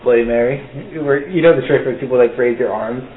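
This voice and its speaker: A man's voice: mid-range voice, fast, slight background noise. Man chiming in over a tinny call. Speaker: player. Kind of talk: casual tabletop game chat. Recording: tinny, echoey online call.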